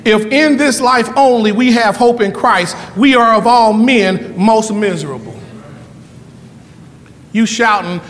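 A male pastor with a high, bright voice delivers a fervent sermon, firing off repeated questions in rapid succession. The recording has the echo of a church hall.

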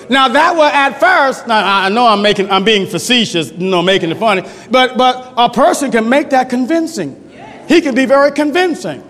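High-voiced man preaching in an echoing church. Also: expressive, normal speed. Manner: emphatic preaching, swinging between loud shouting and low, quiet passages. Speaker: pastor. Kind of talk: sermon. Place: church sanctuary. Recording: long hall reverb.

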